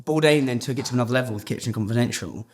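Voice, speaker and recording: A man's voice: medium pitch, racing, slight background noise. A male podcast host with a mid-range voice, chatting casually. He rambles through his points and swears often. He says "yeah" again and again. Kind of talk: casual chat.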